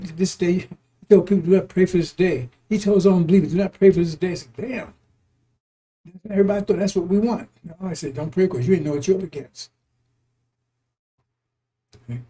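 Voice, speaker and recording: With an easy, high voice carrying a warm, dark tone, a religious teacher works through scripture. His preaching is emphatic and repetitive, punctuated by chuckles and casual swearing.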